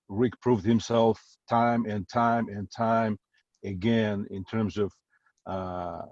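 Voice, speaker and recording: Speaking as a guest on a video call, this middle-aged Uzbek man has a lowish, warm voice and talks casually in plain, slightly non-native English. There's no room sound; the audio is dry, dull and lo-fi.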